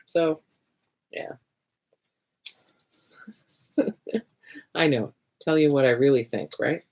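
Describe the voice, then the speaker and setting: A woman's voice: extremely low pitch, slow, a little mellow, slight background noise. A woman hosting a livestreamed art party, chatting casually as she draws, often restarting her sentences and muttering to herself while she works.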